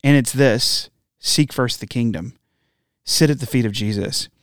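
A man's voice: mid-range voice, unhurried, smooth, dry recording, studio quality. A man giving an earnest, conversational devotional talk as a pastor. He often asks his listeners direct questions and tags his points with "right?".

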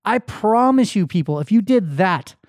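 A middle-aged man hosting a podcast, giving a motivational talk that swings from hyped shouts to quiet, emotional tones. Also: high-pitched, lively intonation, moderate pace, no room sound, clean studio sound. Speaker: podcast host.

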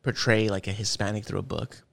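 A man co-hosting a podcast, telling stories in a rambling, animated way. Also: lowish voice, brisk, gravelly, slight background noise. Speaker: podcast co-host. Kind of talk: casual chat.

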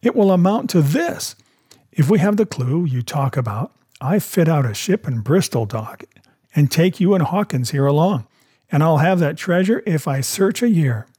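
A man voicing a hot-headed, exclamatory gentleman squire in a storybook reading, with a husky voice. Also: fairly high pitch, lively intonation, moderate pace. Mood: excited. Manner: exclamatory, boastful. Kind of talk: audiobook character voice.

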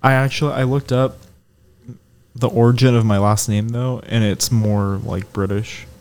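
A young man co-hosting a podcast in casual chat, bashful and quick to laugh when pushed. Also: mid-range voice, steady tone, a little mellow, a little hiss or hum. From mixed Chinese, Spanish and white heritage. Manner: bashful, laughs often, reluctant. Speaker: podcast co-host.

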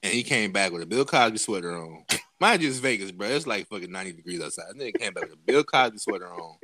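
A man's voice: on the low side, lively intonation, fast, bright, forceful tone. A man casually telling a profane story to friends on a podcast, acting out the people he quotes with big jumps in his voice. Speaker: podcast host.

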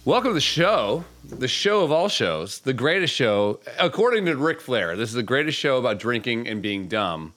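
A man's voice: mid-range voice, big pitch swings, moderate pace, hardly any pauses, a bit bright, faint music behind. A man hosting a podcast, sarcastic and mock-grandiose in casual crude banter. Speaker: podcast host.

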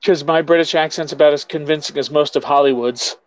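A man's voice: on the high side, steady tone, a little fast, no echo, low-quality recording. A man hosting a podcast, chatting casually, teasing his guest and swearing freely. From New York State, USA. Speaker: podcast host. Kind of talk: casual chat.

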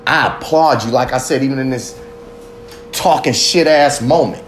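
A podcast host delivers a heated, profane, preachy monologue, firing pointed questions at his listeners. His voice is medium-pitched and moderately paced, with slight background noise.

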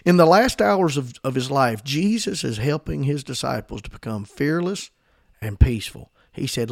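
Fervent preacher man with a gravelly voice. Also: medium pitch, lively intonation, normal speed, no echo, clean studio sound. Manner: fervent, emphatic preaching with repetitions. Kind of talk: sermon.

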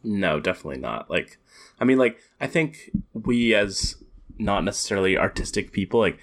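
A man co-hosting a podcast, talking casually in halting phrases with many fillers. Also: lowish voice, lively intonation. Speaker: podcast co-host. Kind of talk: casual chat about comics.

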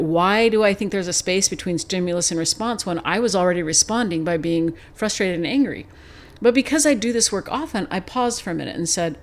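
Middle-aged female podcast host, lively reflective storyteller, mid-pitched. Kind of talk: solo podcast talk.

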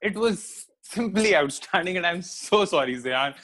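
A man's voice: sits high, animated, a little slow, a bit bright. Laughing, rambling man on a call. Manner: laughs often, talks in rambling restarts. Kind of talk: casual chat. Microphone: remote call.

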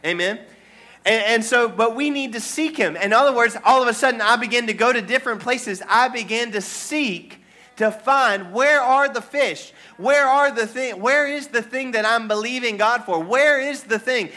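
High, bright-voiced male preacher. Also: moderate pace. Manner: call-and-response preaching to a congregation. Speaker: pastor. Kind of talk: sermon. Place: church.

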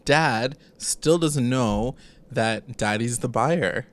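Brief: young man, mid-pitched, easygoing recap chat, quick laughs between lines. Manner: laughs often, retells scenes with quoted lines. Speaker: podcast co-host recapping a TV episode. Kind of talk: casual chat.

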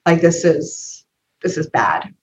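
Slow and deep-voiced, this lively woman co-hosts a podcast and tells a story in casual chat, acting out the voices she quotes. The sound is dull and lo-fi.

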